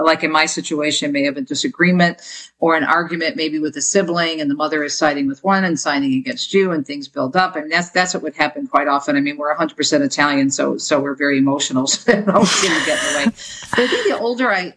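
A woman's voice: low-pitched, a bit bright, poor audio. A middle-aged woman being interviewed as an author, talking earnestly and energetically, often repeating words as she starts a thought. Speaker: author and guest. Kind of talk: casual interview talk.

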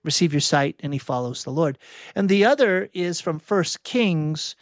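A man preaching a sermon, reflective and halting, often restarting and correcting himself mid-sentence. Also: on the high side, lively intonation, no echo.

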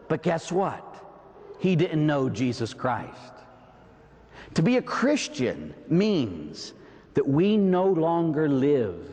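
Man, Pittsburgh accent, Catholic priest, sermon, very lively intonation, rhetorical asides, long church-hall reverb. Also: on the high side. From Pittsburgh, USA. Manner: animated preaching, peppered with rhetorical "huh?" and "right?".

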